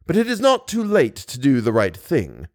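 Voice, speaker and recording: A man plays a calm, menacing masked man who weighs every word with chilling deliberation. The delivery is lively in its rises and falls, and the recording is dry and close. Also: mid-range voice, dry recording, pitched above the performer's own voice. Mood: coldly menacing. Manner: slow, deliberate, icily composed. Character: cold, menacing masked male genius, calm.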